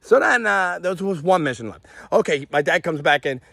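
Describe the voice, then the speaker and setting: This man's voice is high and creaky, at a moderate pace, in a studio-quality recording with no room sound. Worked up and animated, the vlogger swears through a personal story and acts out what others said.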